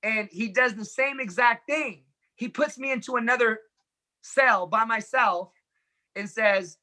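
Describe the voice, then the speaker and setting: Male interview guest, bright and edgy in tone, earnest storyteller who acts out quoted dialogue. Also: very high-pitched, measured pace. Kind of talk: personal storytelling in conversation.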